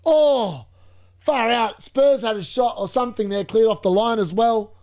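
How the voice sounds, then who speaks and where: A young man commentating live on football matches for a fantasy football stream, chatting along and bursting into shouts at near misses. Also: very high voice, a little slow, vocal fry. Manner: chatty, muttering asides between reactions.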